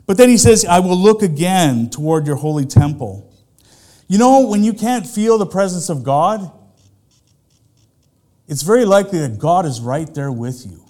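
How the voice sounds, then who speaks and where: A man's voice: sits high, lively intonation, normal speed, mellow. A middle-aged man, a pastor, preaching a sermon in a conversational way, full of rhetorical questions to the congregation.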